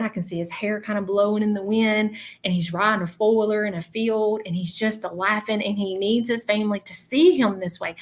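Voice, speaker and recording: A woman giving a psychic reading to viewers on a livestream. She talks earnestly and often checks in with "okay?". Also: medium pitch. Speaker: psychic medium.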